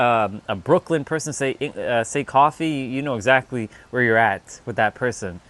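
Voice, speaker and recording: A man's voice: medium pitch, moderate pace, hardly any pauses, fairly bright tone. A man hosting a casual livestream, chatting loosely with viewers, joking and swearing as he reads the chat aloud. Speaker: livestream host.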